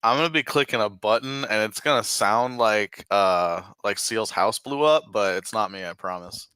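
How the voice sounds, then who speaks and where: A man's voice: on the low side, moderate pace, bright, forceful tone, clear, resonant tone, dry recording. A man playing a tabletop game, joking around and hesitating with many restarts. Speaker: player. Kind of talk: casual tabletop play.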